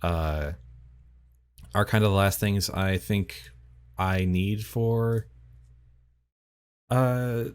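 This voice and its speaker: A game master with a somewhat low voice talks casually through character creation. He laughs easily and trips over his phrases, keeping things relaxed. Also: drawn-out words, long pauses, clean tone. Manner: chatty, laughs often, restarts phrases. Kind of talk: casual chat running a tabletop session.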